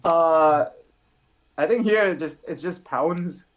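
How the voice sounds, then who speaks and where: A man's voice: fairly high pitch, slow, muffled recording. A man guest on a casual podcast, easygoing and laughing along, often hedging his opinions.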